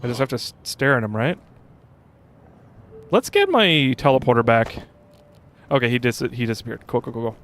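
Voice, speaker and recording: A man's voice: medium pitch, big pitch swings, moderate pace, pauses often. A young adult man streaming a game, chatting casually with viewers and rambling with fillers and restarts. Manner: rambling, chatty, reads chat aloud, frequent fillers. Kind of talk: casual gameplay commentary.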